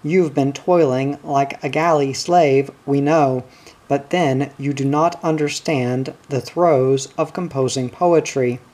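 A man reading a genial prospector who coaxes and chuckles along with his mates. His speech is slow and his voice is warm and dark. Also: mid-range voice, fairly even intonation. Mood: coaxing. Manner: coaxing, good-humoured.

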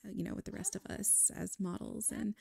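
A woman's voice: medium pitch, brisk, vocal fry, mellow, voice pushed up. A woman voicing a kind, confident female modeling agency boss who reassures a nervous applicant and calls her honey. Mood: warm.

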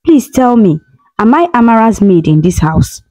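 A woman's voice: fairly high pitch, big pitch swings, moderate pace, mellow, no echo, faint music behind, poor audio. A woman voicing a heartbroken young wife, speaking in a pleading, tearful way.

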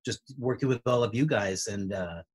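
Husky man reflecting in a rambling way. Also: fairly low pitch, a little mellow. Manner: rambling, halting restarts. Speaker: cast member. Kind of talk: reflective casual chat.

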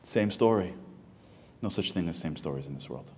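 A man's voice: low-pitched, animated, moderate pace, a little mellow, slight background noise. A man delivering an impassioned sermon as a rabbi in a synagogue hall, firing off emphatic rhetorical questions. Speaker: rabbi giving a lecture. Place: synagogue hall with live audience. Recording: reverberant hall sound.

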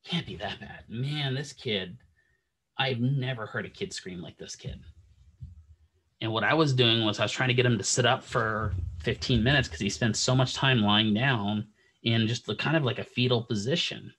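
A man's voice: mid-range voice, moderate pace, husky. A man teaching physical therapy, telling a long clinical story in a casual lecture style and acting out the dialogue as he goes. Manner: animated anecdote-telling, acts out quoted dialogue.

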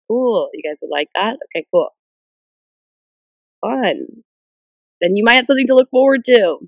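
A woman's voice: on the low side, creaky, dry recording. Bubbly stuffed-up young woman livestreaming. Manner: bubbly, excitable, jumps between viewer shoutouts. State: stuffed up with a cold. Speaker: livestream host. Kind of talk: casual livestream chat reading comments. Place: in a car. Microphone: phone camera.

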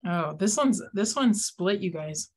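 A woman's voice: mid-range voice, lively intonation, unhurried, a little mellow. Woman math teacher, live class, playful and teasing. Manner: playful, teasing, mimics students in quotes.

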